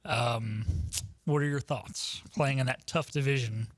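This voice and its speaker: A man's voice: medium pitch, fairly even intonation, measured pace, dry recording. Chatty young male sports radio host. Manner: chatty, with frequent ums and uhs. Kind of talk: casual sports talk radio.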